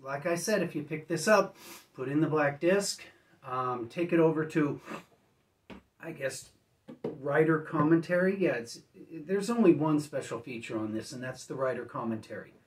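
A man casually reviewing discs at home, rambling and correcting himself, often clearing his throat as if he just woke up. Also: a little high, moderate pace, far from the mic. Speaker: disc reviewer.

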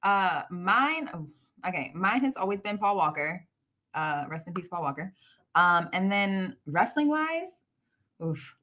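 A woman's voice: on the low side, very animated, measured pace, sharp tone. Giggly woman from Maryland. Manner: giggly, rambling with fillers. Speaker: guest wrestler. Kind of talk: casual podcast chat.

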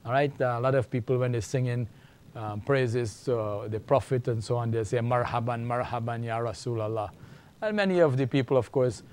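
A middle-aged man teaching an Arabic lesson, speaking slowly and repeating words for learners. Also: medium pitch, darkish tone, slight background noise. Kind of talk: classroom language lesson.

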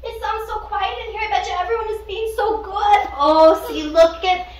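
A woman's voice: extremely high pitch, moderate pace. A woman playing a doting old cat lady who babies her cats, in pretend play for kids. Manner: gushing, babying pet talk. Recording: roomy, distant, noisy home recording.

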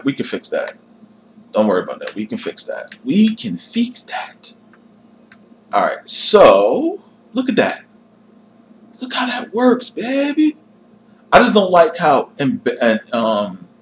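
A man's voice: on the high side, slight background noise. A young man casually chatting to his viewers while building a character in a game, reassuring himself and joking at his own expense. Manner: chatty, talks to chat while tinkering, self-deprecating. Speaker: gaming livestreamer. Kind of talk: casual livestream commentary.

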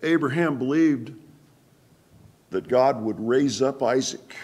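A man pastor giving a sermon-style Bible study in a church, halting with fillers and asking the congregation questions. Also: medium pitch, darkish tone, husky. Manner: halting, many fillers and restarts.

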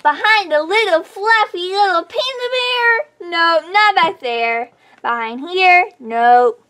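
A woman's voice: very high-pitched, expressive, slow pace, bright, forceful tone, heavily acted. A child voicing a cheerful little girl doll in a home doll play video, bubbly and giggly. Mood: playful.

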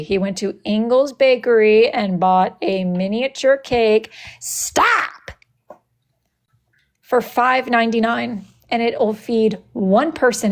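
A woman's voice: fairly high pitch, a little mellow. A young woman hosting a casual livestream, reading viewer comments aloud in a sassy, dramatic, playful way. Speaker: livestream host.

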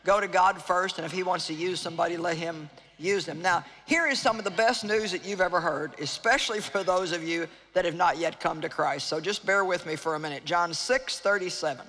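A woman's voice: fairly low pitch, brisk, hardly any pauses, a bit bright. A woman preacher giving an evangelistic sermon to a live audience in a large hall, earnest and pleading, repeating phrases for emphasis. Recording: long reverb of a large hall.

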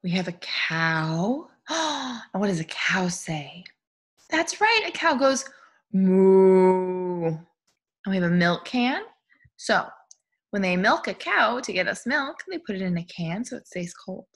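A woman's voice: lowish voice, lively intonation, measured pace, a bit bright, breathy edge. A young woman, a preschool teacher, leads an online group time for small children, gasping in delight and drawing out animal sounds.

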